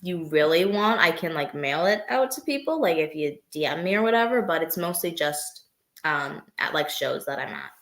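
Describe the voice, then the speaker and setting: A woman with a lowish voice talks casually as an interview guest, leaning on "like" and "um." Her voice rings in an echoey room. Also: animated, moderate pace, fairly bright tone. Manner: easygoing, heavy use of "like" and "um". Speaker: guest wrestler.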